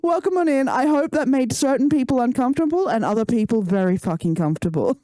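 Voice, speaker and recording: A woman's voice: high-pitched, expressive, fast, dark tone, no room sound, clean studio sound. A woman live-streaming a game, ranting and swearing in casual chat with her viewers. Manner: profane, ranting, laughing.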